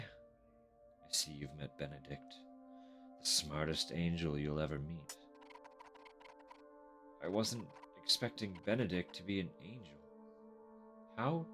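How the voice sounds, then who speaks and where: A man streaming a game, reading the characters' dialogue aloud and breaking off to laugh and joke. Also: low voice. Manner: reads dialogue in a flat voice, breaks into laughs and swearing. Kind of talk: let's play, reading in-game characters' lines with live commentary.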